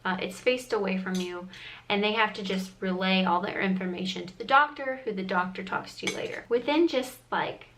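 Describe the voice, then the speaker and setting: A woman's voice: medium pitch, a little fast, fairly bright tone, slight background noise, low-quality recording. A young adult woman vlogger telling a personal story in a chatty, earnest way, full of "like" fillers. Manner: earnest, emotional retelling with frequent "like" fillers.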